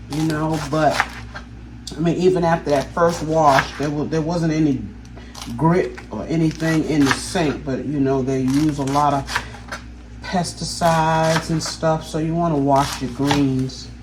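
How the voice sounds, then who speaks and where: A woman's voice: deep voice, unhurried, background noise. A woman hosting a casual cooking demonstration in her home kitchen, chatting and often checking in with her viewers. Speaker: cooking channel host.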